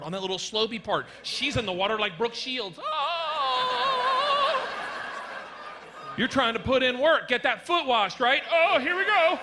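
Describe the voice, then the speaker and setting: High-pitched, self-mocking stand-up man. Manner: self-mocking, punchy delivery. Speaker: stand-up comedian. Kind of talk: stand-up routine. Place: comedy stage before a live audience. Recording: live set with audience noise.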